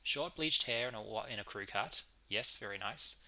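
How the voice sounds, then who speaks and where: Reading a visual novel aloud as a let's play streamer, a man keeps stopping to add chatty remarks. His voice is on the low side, animated and sharp-toned, at a normal speed. The audio quality is poor.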